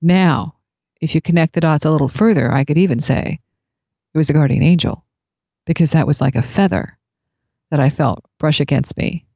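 A woman tells a personal story in a reflective, unhurried way. Her voice sits low and mellow. The recording is dry and slightly dull. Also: no echo. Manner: reflective, unhurried anecdotal telling. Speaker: speaker sharing spiritual experiences.

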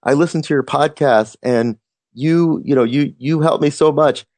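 A man voicing an excited, starstruck male fan who gushes over meeting someone. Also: a little high, moderate pace, no room sound, voice pushed up, natural voice.

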